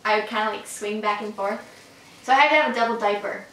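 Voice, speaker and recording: A woman's voice: mid-range voice, fast talker, a bit bright, recorded from a distance. A young woman chatting casually with a friend, giggling and often trailing off mid-sentence. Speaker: co-host friend. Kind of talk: casual chat. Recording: echoey room, off-mic.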